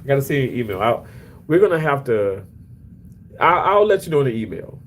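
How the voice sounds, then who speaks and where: Chatty livestreaming man, excitable pitch jumps. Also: a little fast, slight background noise, rough recording. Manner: animated, often jumps high in pitch, restarts a lot. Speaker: livestreamer reading chat. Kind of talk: casual livestream chat. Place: at work during a shift.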